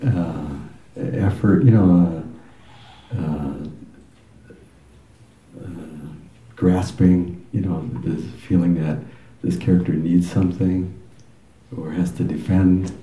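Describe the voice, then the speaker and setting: A man at a retreat speaking haltingly, searching for words with many fillers. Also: sits low, fairly even intonation, mellow, echoey room, low-quality recording. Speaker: retreat participant.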